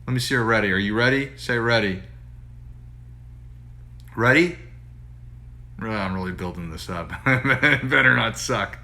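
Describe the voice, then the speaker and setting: Gravelly, bright and forceful, a medium-pitched male voice moves slowly and pauses often. The speaker is a painter chatting on a livestream from his indoor studio via phone, reading his own writing aloud with many restarts and repeated phrases.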